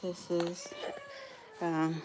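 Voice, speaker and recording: A woman's voice: on the low side, completely flat delivery, very slow, background noise. A young woman vlogging as a mother of quadruplets, chatting casually and switching to soothing baby talk. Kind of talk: casual vlog chat.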